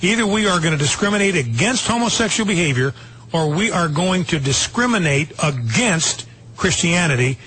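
A man's voice: high-pitched, animated, normal speed, bright, forceful tone, breathy edge, poor audio. A man making insistent, declarative points in a preaching radio commentary, played back as a clip.

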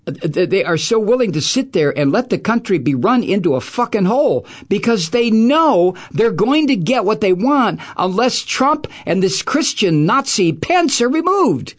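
A middle-aged male talk radio host delivers an angry, profane political rant laced with sarcasm. His voice swings widely between low grumbles and sharp peaks. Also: big pitch swings, unhurried.

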